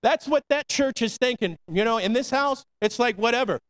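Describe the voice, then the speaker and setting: A man's voice: extremely high pitch, moderate pace, a bit bright. A man preaching a sermon as pastor, conversational and slangy, punctuating lines with "come on" and "amen.". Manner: preachy call-and-response, repeating "come on".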